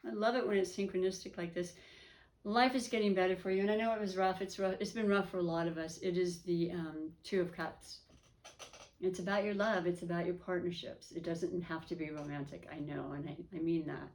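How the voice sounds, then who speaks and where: A woman's voice: lowish voice, fairly even intonation, fairly quick, a little mellow. A woman giving a casual, rambling tarot reading, emotional and often correcting herself. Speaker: tarot reader.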